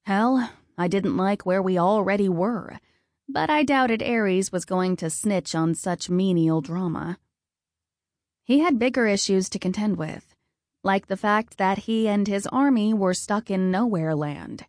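A woman narrating a first-person fantasy story in a calm, even storytelling manner. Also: medium pitch, a little slow, no echo, clean studio sound. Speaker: audiobook narrator.

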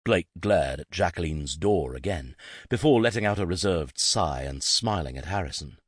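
Deep husky male storyteller. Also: expressive, moderate pace, dry recording, studio quality. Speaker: audiobook narrator. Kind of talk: scripted narration.

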